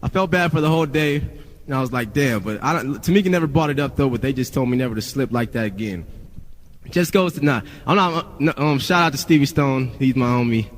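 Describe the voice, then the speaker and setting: A man's voice: medium pitch, brisk. Rambling rapper man, long reverb. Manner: rambling, profane, lots of "you know". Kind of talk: casual storytelling vlog.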